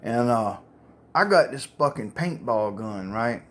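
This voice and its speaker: A man, rambling and swearing as he casually tells old stories into his phone camera, getting loud and excited at the punchlines. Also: medium pitch, measured pace. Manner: profane, rambling, gets loud and excited telling jokes. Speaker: storyteller.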